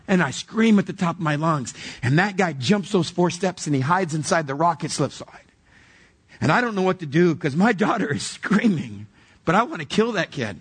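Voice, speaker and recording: A man's voice: on the high side, husky. A man preaching a sermon, telling a personal story vividly and acting out the dialogue before turning to earnest preaching. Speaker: pastor.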